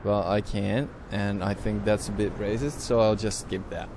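A young man giving casual gameplay commentary who swears a lot and bursts out loudly at sudden mishaps. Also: lowish voice, steady tone, moderate pace, noisy background. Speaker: let's play host.

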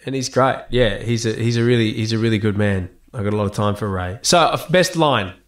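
Animated Australian man telling stories. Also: lowish voice, fairly quick. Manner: animated storyteller, laughs often, swears casually. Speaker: guest actor and musician. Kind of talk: casual interview chat.

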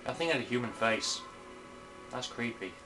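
A man's voice: medium pitch, expressive, normal speed, music in the background. A young man casually commenting on his own gameplay at home, chatty and blunt, swearing freely and talking back to the game. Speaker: gamer. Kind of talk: casual let's-play commentary. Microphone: camera filming the screen.

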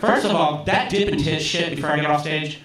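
A male stand-up comic tells stories in a casual, profane, self-mocking way, his voice sitting a little high. The sound is picked up from a distance in a roomy club, with the audience laughing throughout. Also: brisk, a crowd in the background. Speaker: stand-up comedian. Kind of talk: stand-up comedy set. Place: comedy club stage.

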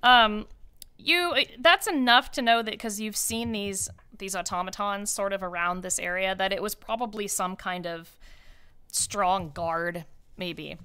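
A woman's voice: medium pitch, measured pace, sharp tone, clean tone. A woman running a tabletop role-playing game, narrating scenes in a loose, descriptive way with many fillers. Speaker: game master.

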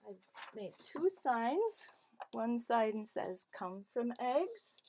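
A woman speaks to small children in a lively, sing-song teaching voice, her pitch leaping with every question. She talks slowly and a touch high, with faint noise under the recording. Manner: sing-song, exaggerated questions and gasps for kids. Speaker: children's storytime presenter.

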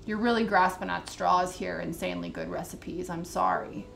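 A woman's voice: fairly low pitch, steady tone, normal speed, creaky. A woman vlogger chatting casually as she reads a recipe list, with sarcastic, indignant commentary. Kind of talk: casual chat while reading a recipe list. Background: soft background music.

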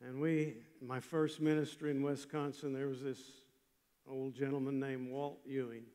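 An older man preaching a chapel sermon, telling a story with emphatic swings from loud passages to hushed ones. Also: mid-range voice, little pitch movement, moderate pace. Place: large chapel. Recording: long hall reverb.

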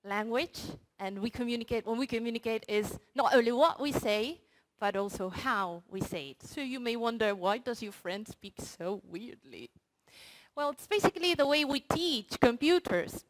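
Woman researcher, slightly high voice, playful, audience-facing short talk. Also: animated, normal speed, low-quality recording. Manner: playful, addresses the audience directly with games. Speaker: researcher presenting her project. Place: university hall before an audience.

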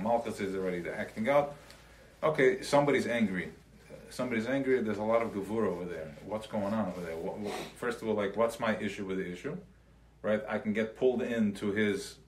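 A man's voice: lowish voice, slight background noise. A man teaching a class to a small group, talking loosely and conversationally. He drops Yiddish terms into his sentences and keeps checking that his listeners follow. He acts out everyday scenes in voices of his own. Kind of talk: live recorded Chassidic class.

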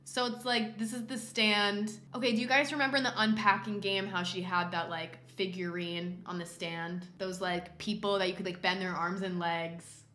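A woman streaming a drawing game, chatting casually and excitably, rambling with lots of "like" and loud exclamations. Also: medium pitch, moderate pace, few pauses. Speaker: livestreamer. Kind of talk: casual livestream chat while drawing. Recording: roomy echo.

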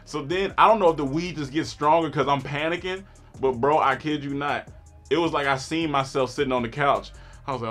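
A man telling a comic story about getting too high, acting out the lines of everyone in it and laughing often. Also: fairly quick, soft background music. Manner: animated, acts out quotes, laughs often. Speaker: storyteller guest. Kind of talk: comedic storytelling.

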